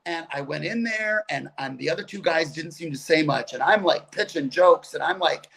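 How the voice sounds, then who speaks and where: Chatty man with a gravelly voice. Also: on the high side. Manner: animated, chatty, quick asides. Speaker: guest comedian. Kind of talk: casual storytelling on a video call. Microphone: video call.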